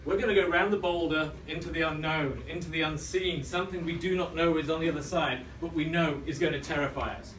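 A man in his thirties giving a storytelling speech, dramatic and dropping to a hush for tension. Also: fairly high pitch, slight background noise. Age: 30s. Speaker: club speaker. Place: function room. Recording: echoey room, mic at a distance, faint ambience.

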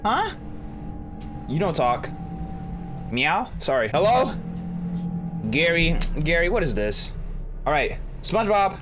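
Excitable young man with wild pitch swings. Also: slow, long pauses. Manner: jokey, jumps into high squeals when startled. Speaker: gaming YouTuber. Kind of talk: horror game commentary. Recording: music bed under voice.

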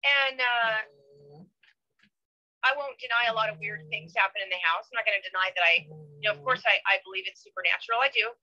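A woman's voice: medium pitch, fairly quick, bright, forceful tone. A woman giving an interview guest's account, talking angrily and emphatically, swearing and often restarting her sentences. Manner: angry, emphatic, profane, with frequent restarts. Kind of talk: emotional interview talk. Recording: dull lo-fi sound.

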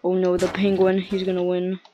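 A woman's voice: fairly low pitch, completely flat delivery, fairly quick, highs cut off, background noise. A woman giving casual gameplay commentary, playful and muttering to herself, now and then chanting silly sounds. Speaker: gameplay video host. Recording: faint keyboard and mouse clicks behind.

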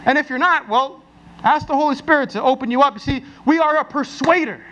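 High-voiced pastor preaching, lo-fi sound. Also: male voice, fairly quick. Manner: conversational and animated, with frequent restarts and anecdotes. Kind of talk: sermon.

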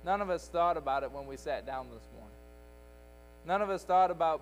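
A man's voice: a little high, brisk, soft background music, poor audio. A man teaching Sunday school in a church, preaching with an emphatic, repetitive cadence. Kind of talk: sermon. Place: church sanctuary.

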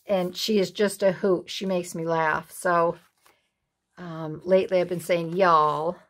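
Slow, chatty woman crafting at home. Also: on the low side, level tone. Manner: rambling, chatty, folksy asides. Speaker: craft video host. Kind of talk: casual chat while crafting.

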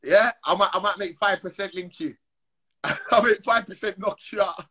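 A man's voice: high voice, normal speed, sharp tone, slightly rough. A man ranting on a phone livestream, heated and slangy, repeating his call-outs. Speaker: Instagram live streamer. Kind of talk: confrontational live-stream rant.

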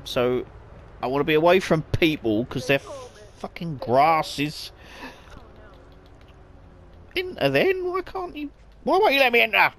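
A man's voice: fairly high pitch, sing-song, a little slow, pauses often, a bit bright. A man giving frantic let's play commentary, swearing a lot and apologizing over and over. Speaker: gamer. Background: game music and car noise.

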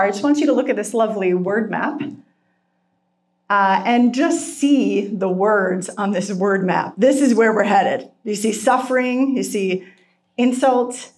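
A middle-aged woman giving a heartfelt sermon with personal testimony, earnest and emotional, slowing down for emphasis and at times tearful. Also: medium pitch. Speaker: speaker at a Christian retreat.

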